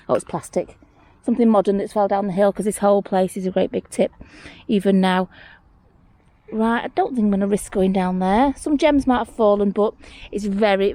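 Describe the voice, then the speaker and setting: A woman, giving a casual running commentary outdoors on a hillside, chatty and easily excited by small finds. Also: medium pitch. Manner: chatty, excitable over small finds, talks to herself and the viewer. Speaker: mudlarking vlogger. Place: outdoors on a hillside rubbish tip.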